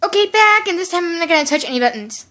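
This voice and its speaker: A woman voicing a timid, soft-spoken female cartoon pony who reacts to a video, hesitant and full of ums, easily startled. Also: very high voice, expressive, fast, full character voice. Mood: flustered. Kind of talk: fan reaction commentary in character.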